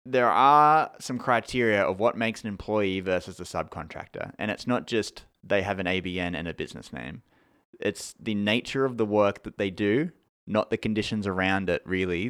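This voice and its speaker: A man with an Australian accent co-hosting a podcast, explaining things in a relaxed, casual way with frequent fillers. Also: low-pitched, smooth. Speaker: podcast co-host.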